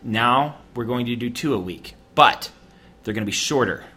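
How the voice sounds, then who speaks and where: A man's voice: mid-range voice, lively intonation, normal speed, bright, forceful tone, slightly rough. A man from the United States co-hosting a podcast, chatting casually and joking with frequent laughs. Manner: joking, laughs often, rambling. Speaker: podcast co-host.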